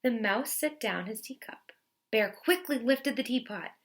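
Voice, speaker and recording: A woman teacher reading a picture book aloud to children in an expressive way, stopping to explain words. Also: on the high side, unhurried. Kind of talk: children's read-aloud narration.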